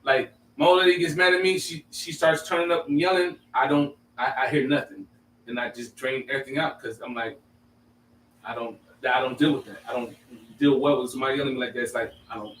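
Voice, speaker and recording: A man with an ordinary mid-range voice reasons calmly through his point in a group talk. He sits away from the mic, so the room echoes and a faint ambience hangs behind him. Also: mid-range voice, recorded from a distance, slight background noise. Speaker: discussion participant. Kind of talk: group discussion.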